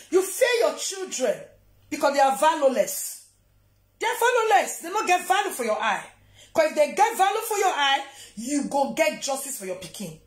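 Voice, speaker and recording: A Nigerian woman vlogger ranting to camera, scolding and taunting someone. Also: sits high. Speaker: social media vlogger. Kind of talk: confrontational rant to camera. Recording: roomy echo.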